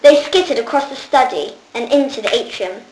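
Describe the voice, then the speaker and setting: A woman reading a children's book aloud, lively and lifting her voice for the characters' lines. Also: on the high side, moderate pace, echoey room, a little hiss or hum, poor audio. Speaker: reader.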